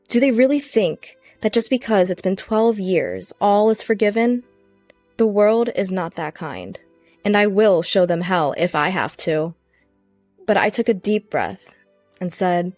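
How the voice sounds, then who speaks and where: A woman reading a first-person revenge story in steady, scripted narration. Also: mid-range voice, a little slow, no room sound, soft background music.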